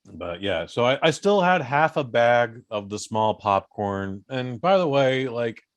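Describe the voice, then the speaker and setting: A man hosting a podcast, telling a story in a casual, animated way, swearing freely and acting out other people's voices. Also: medium pitch, a little slow, no echo. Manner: animated, profane, acts out voices in his stories. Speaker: podcast host.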